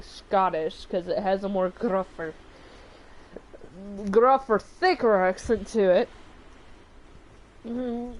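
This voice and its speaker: A woman's voice: mid-range voice, rough recording. A chatty woman with a Southern US accent talks through a video game. She rambles and gushes in a middle-range voice. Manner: chatty, effusive. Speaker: let's play host. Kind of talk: gaming commentary.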